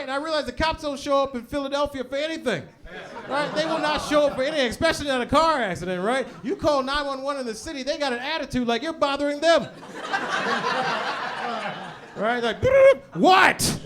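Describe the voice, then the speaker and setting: A man performing an animated stand-up comedy set on a club stage, often tagging jokes with "right?". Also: very high-pitched, quick pace. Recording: noisy live club recording. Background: audience laughter.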